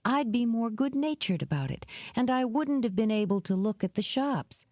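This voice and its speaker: A woman's voice: fairly high pitch, animated, moderate pace, a little mellow, no echo, pitched above the performer's own voice, natural voice. A woman reading an audiobook, voicing a playful young woman who talks in an eager, teasing way.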